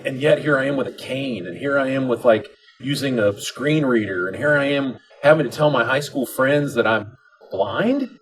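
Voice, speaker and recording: A man's voice: mid-range voice, moderate pace, low-quality recording. A middle-aged man giving a motivational convention speech, telling stories with humor and acting out the dialogue. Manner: animated storytelling, acts out dialogue with humor. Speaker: convention speaker. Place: convention hall.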